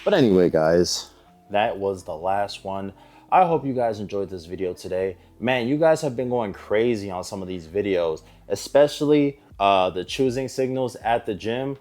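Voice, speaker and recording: A man's voice: lowish voice, expressive, normal speed, faint music behind. A man giving dating advice straight to camera in a blunt, emphatic way, swearing freely. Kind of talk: direct-to-camera advice monologue.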